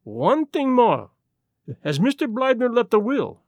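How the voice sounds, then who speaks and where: A fussy Belgian detective, as voiced by a man in an audiobook, with a high voice that rises and falls a lot. He speaks slowly and deliberately, and the recording is dry and close. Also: huge pitch swings, darkish tone, no room sound, exaggerated voice. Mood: probing. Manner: measured, deliberate questioning. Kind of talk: audiobook character voice.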